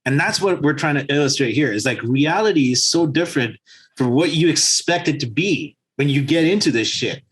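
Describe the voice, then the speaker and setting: Animated, higher-voiced man telling stories. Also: brisk, husky. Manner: animated, profane storytelling. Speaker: podcast co-host. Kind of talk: casual chat.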